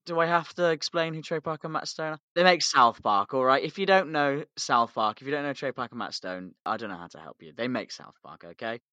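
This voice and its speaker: A British man co-hosting a casual podcast, telling a story in an animated way with swearing and laughs. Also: mid-range voice, a little fast, few pauses, no echo, dull audio. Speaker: podcast co-host.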